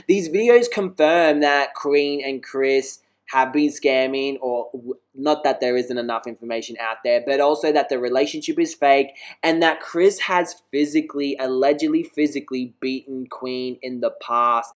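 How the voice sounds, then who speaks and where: A man hosting a YouTube drama commentary channel, talking in an upbeat, gossipy host manner. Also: a little high. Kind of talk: commentary vlog.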